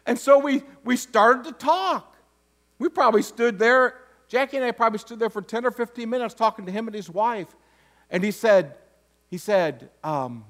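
High-voiced man preaching a casual sermon. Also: expressive, normal speed, a bit bright. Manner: conversational, with joking asides; restarts and stumbles over words. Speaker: interim pastor.

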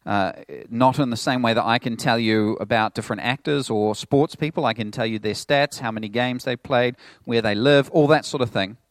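A male pastor preaching a sermon in a casual, conversational way, telling animated stories. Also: medium pitch, moderate pace, few pauses, dry recording. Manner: conversational, animated storytelling with playful put-on voices.

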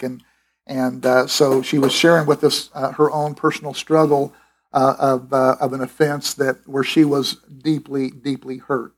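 A man's voice: medium pitch, husky. A middle-aged man preaching a sermon in an emphatic, conversational way, with restarts and asides. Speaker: pastor.

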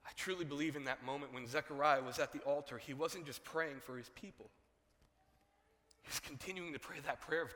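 Bright-voiced preacher in a big echoing hall. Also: male voice, a little high, fairly quick. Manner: animated storytelling, acting out dialogue. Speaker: pastor. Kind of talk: sermon.

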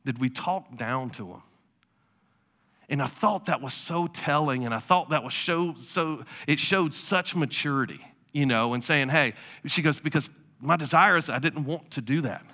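A man preaching a sermon, originally from South Carolina, telling stories in a relaxed conversational way with casual asides. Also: fairly high pitch, moderate pace. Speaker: pastor.

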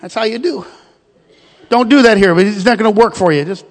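A man's voice: sits high, fairly quick. A man preaching a sermon, emphatic and storytelling, often repeating words as he builds a point. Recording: reverberant hall.

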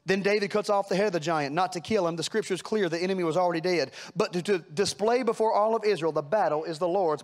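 A man's voice: high-pitched, fast, hardly any pauses. A man preaching a sermon, folksy and plain-spoken, building to fervent rhetorical questions. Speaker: pastor.

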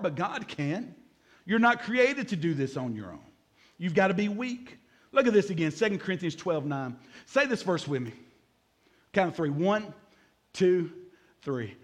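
A pastor with a voice that sits high delivers a sermon energetically. He repeats key words and jokes with the congregation.

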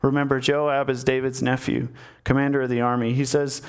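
A man's voice: mid-range voice, level tone, normal speed, clear, resonant tone. A man giving a sermon in a conversational storytelling manner, talking to his listeners directly. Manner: conversational storytelling, acts out the characters. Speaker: preacher.

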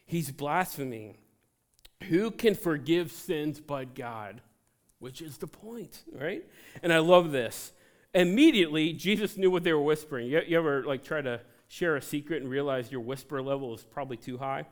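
A man preaching a sermon, his voice sitting a little high. He moves between scripture and playful asides to the congregation, keeping it animated. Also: a little fast. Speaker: pastor.

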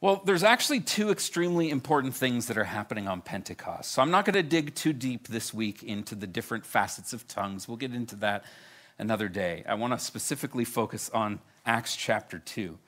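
Animated pastor with a bright voice. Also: male voice, mid-range voice, a little fast. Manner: animated, storytelling, self-deprecating humor. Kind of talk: sermon.

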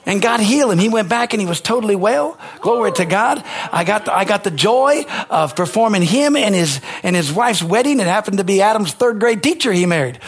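A pastor preaching a sermon, emphatic, rising to near-shouted peaks on key lines. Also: male voice, high-pitched, expressive, fairly quick, few pauses, breathy edge.

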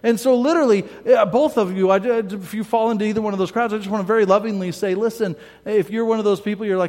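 A man with a notably high voice preaches as a pastor, keeping it conversational and often checking in with a quick "right?". He slips into his listeners' voices to act out their doubts. His words ring out with the long reverb of a church hall. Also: a little mellow. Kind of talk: sermon.

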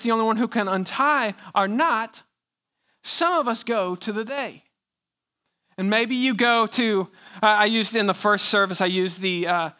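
A male pastor with a high, sharp-toned voice preaches a sermon, driving home his points through rhetorical questions and drawn-out pauses.

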